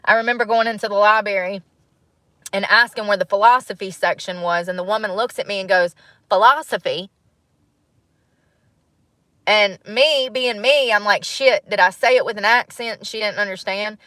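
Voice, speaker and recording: A woman in her thirties, talking to her channel in a casual, reflective monologue, musing and animated, with frequent laughs. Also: mid-range voice, a little fast, no room sound. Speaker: vlogger.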